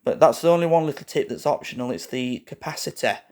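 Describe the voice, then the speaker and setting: A man rambling through a casual show-and-tell vlog, halting and correcting himself often, with frequent fillers and asides to his viewers. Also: mid-range voice, lively intonation, darkish tone. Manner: keeps addressing viewers as "guys". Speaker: lighting hobbyist vlogger.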